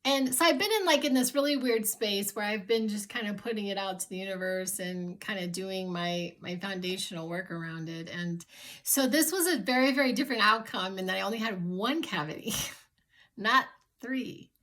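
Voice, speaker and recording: A woman's voice: mid-range voice, normal speed, fairly bright tone. A woman vlogging in a casual, rambling way, full of restarts and fillers, emotional and grateful as she talks to her viewers. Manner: emotional and grateful, laughs often. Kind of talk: casual chat to camera.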